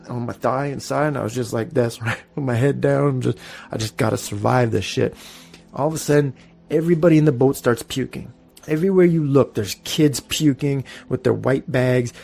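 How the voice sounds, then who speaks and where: A man in his thirties with a gravelly, fry-edged voice, spinning a story as a podcast host. He talks in a loose, animated way, swearing freely and laughing as he goes. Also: mid-range voice. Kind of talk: casual storytelling.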